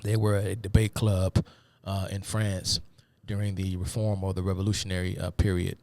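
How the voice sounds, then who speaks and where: A man hosting a live talk stream gives a meandering, casual lecture packed with fillers and asides, calling his viewers "y'all." His voice is low, level and somewhat dark, at a moderate pace. The recording has no echo.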